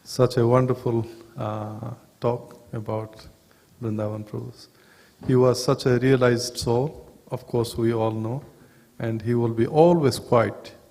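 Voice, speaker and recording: A man hosting a memorial gathering, earnestly praising the last speaker and calling up the next one, with pauses and fillers. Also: mid-range voice, steady tone, mellow, big-room sound. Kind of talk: introducing speakers. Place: temple hall with long reverb.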